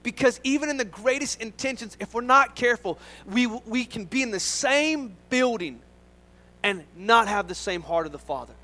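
A man's voice: extremely high pitch, animated, normal speed, pushed and bright, poor audio. A man preaching a sermon as pastor, earnest and emphatic, driving points home with repetition.

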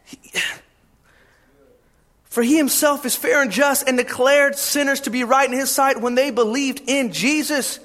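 Middle-aged male pastor, impassioned sermon delivery, high and bright, shouts to drive points home. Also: fairly even intonation, unhurried. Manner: impassioned, often shouting for emphasis.

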